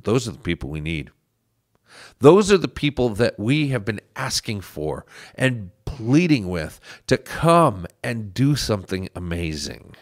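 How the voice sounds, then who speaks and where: A man's voice: lowish voice, very animated, measured pace, no room sound, clean studio sound. A man hosting a political podcast, speaking earnestly as he urges listeners to get involved. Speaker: podcast host. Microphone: studio microphone.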